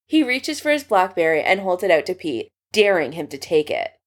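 A woman reading a fan story aloud with expressive narration. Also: on the low side, normal speed. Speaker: story reader.

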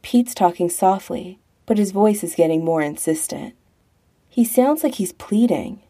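A woman narrating a romance story as an audiobook in a calm, measured way. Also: medium pitch.

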